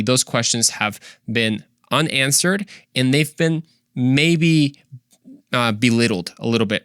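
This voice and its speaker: A man hosting a solo Christian podcast in an earnest, chatty voice of ordinary pitch. He poses rhetorical questions and talks casually. The recording is close and dry. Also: fairly bright tone, smooth, no room sound.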